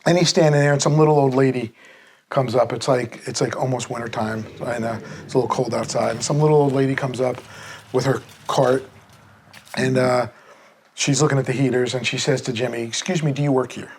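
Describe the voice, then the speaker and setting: A man's voice: mid-range voice, steady tone, a little fast, darkish tone, slight background noise. A man teaching a sales lesson through a casual story, acting out the people he quotes. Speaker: sales trainer.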